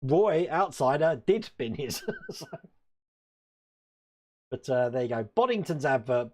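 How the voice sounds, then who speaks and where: A man's voice: fairly high pitch, big pitch swings, unhurried, darkish tone. A man from Wales hosting a casual live stream from his hobby room, rambling, chuckling often and answering chat.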